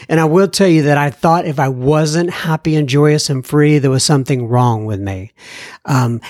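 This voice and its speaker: A man's voice: mid-range voice, darkish tone, no echo, studio quality. A man hosting a podcast, reading listener mail in a chatty, self-deprecating way. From United States. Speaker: podcast host.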